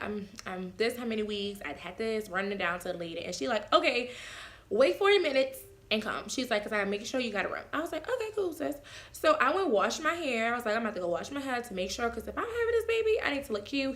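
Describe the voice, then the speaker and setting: Chatty young woman telling a story. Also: fairly high pitch. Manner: animated, acts out quotes with voice swings. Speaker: vlogger. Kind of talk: casual storytime.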